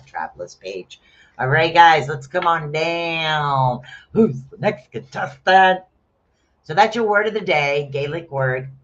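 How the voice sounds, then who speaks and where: A man giving casual rune readings on a live stream, chatting with viewers and bursting into loud exclamations. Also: mid-range voice, noisy background. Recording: dull lo-fi stream audio.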